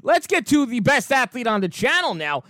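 A man's voice: extremely high pitch, sing-song, normal speed, bright, forceful tone, no room sound, clean studio sound. A man hosting a sports talk show, bantering in a playful, rambling way with frequent laughs. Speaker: show host. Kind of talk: joking studio banter.

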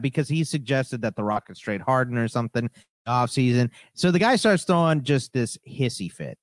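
A man co-hosting a sports radio show, chatting casually and lively, sometimes swooping into exaggerated voices when retelling stories. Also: mid-range voice, moderate pace, no echo. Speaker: podcast co-host.

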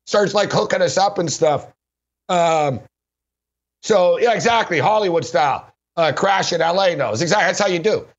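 Man, sports radio host, slightly high voice, laughs a lot, rambling storyteller, dull lo-fi sound. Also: normal speed. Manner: rambling, laughing often, heavy use of "like". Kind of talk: casual anecdotal storytelling. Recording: dull lo-fi recording.

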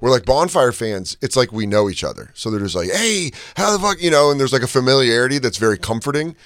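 A man co-hosting a podcast, telling stories in casual chat and shouting out the lines of fans he met. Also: medium pitch, fast talker, clear, resonant tone, dry recording, clean studio sound. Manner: animated storyteller, shouting out fans' lines. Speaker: podcast co-host.

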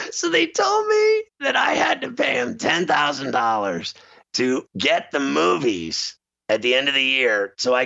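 A male show host telling a comic rant in a loose, animated way, laughing often as he goes. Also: on the high side, vocal fry. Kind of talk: casual comedic rant. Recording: slightly muffled lo-fi sound.

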